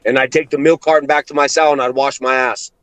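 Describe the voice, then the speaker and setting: A man's voice: medium pitch, little pitch movement, quick pace, fairly bright tone, no room sound, low-quality recording. A man telling blunt, profane stories in casual chat, calling others bro.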